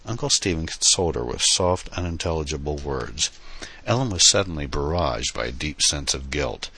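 A man reading an audiobook in a steady, earnest storytelling manner. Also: very deep voice, moderate pace, slightly rough. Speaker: narrator. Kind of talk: audiobook narration.

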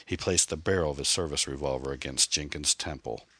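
A man reading a mystery novel aloud in a measured, dramatic narration. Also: a bass voice, sharp tone, breathy edge, no echo. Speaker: audiobook narrator. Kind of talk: scripted narration.

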